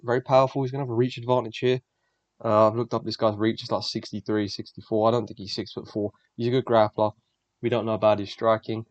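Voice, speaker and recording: A man's voice: lowish voice, darkish tone, dry recording. A young man, the host, giving blunt, profane, rambling fight predictions in casual solo commentary. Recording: dull lo-fi dry recording.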